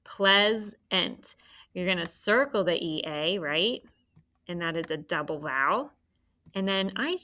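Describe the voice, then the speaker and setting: A woman's voice: fairly low pitch, unhurried, sharp tone. A woman teaching a phonics lesson to children, patient and encouraging as she sounds out words.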